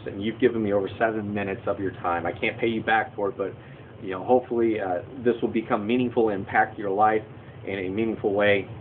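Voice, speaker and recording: A man's voice: lowish voice, narrow, tinny audio, a little hiss or hum. A man teaching casually to camera, opinionated and prone to rambling rants, gesturing with his hands as he talks. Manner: talks with hand movements. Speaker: Christian video host.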